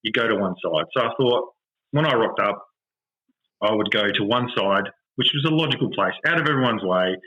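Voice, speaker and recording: An Australian man hosting a podcast, telling a story in an animated, exasperated rant with lots of swearing. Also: fairly low pitch, fairly quick, husky, lo-fi sound. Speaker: podcast host. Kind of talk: casual storytelling chat.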